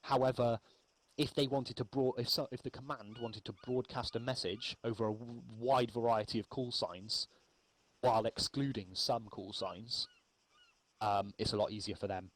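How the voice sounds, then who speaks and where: A man explaining radio procedure in a relaxed, rambling spoken lesson, with frequent ums. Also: medium pitch, moderate pace, poor audio. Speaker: milsim infantry instructor.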